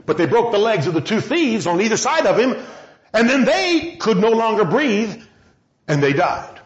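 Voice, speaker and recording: A man preaching with a high, lively voice that rises to shouts and falls to quiet. He is heard in a roomy space on a slightly dull recording. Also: moderate pace. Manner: impassioned, swings from loud shouting to low quiet. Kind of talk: sermon.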